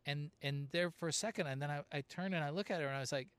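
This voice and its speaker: A man's voice: on the high side, quick pace, a bit bright, clear, resonant tone, no echo. A middle-aged man from Southern California hosting a casual chat, telling stories and laughing often. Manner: chatty storyteller, laughs often.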